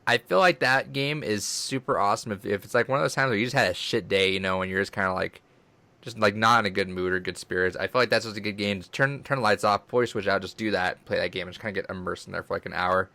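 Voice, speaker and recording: A man's voice: lowish voice, fast talker, vocal fry, pushed and bright, no echo. A man co-hosting a casual gaming podcast, talking with rambling enthusiasm and swearing freely. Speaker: podcast co-host.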